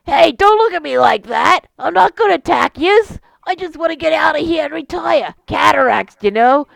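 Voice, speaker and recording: A woman's voice: sits high, lively intonation, normal speed, vocal fry, no room sound, pitched above the performer's own voice, heavily acted, poor audio. A woman voicing an old, weary beholder monster with a wheezing, grumbling manner and a Boston accent.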